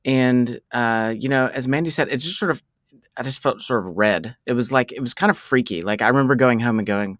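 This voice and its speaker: A man sharing reflections as a podcast guest, halting, with many fillers and restarts. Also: medium pitch, a bit bright, no echo, studio quality.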